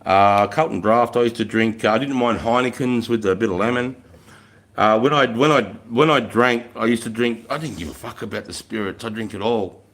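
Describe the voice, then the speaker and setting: A man's voice: medium pitch, brisk, a bit bright. A middle-aged man with an Australian accent, telling rambling stories in a frank, heavy-swearing casual chat on a live stream. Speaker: military veteran hosting a live stream.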